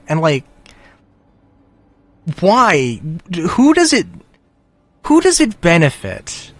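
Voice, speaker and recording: Slow, rambling frustrated man. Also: high-pitched, huge pitch swings, dry recording. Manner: frustrated, rambling, many fillers and sighs; laughs between phrases. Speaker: gaming commentator. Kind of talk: casual rant to camera.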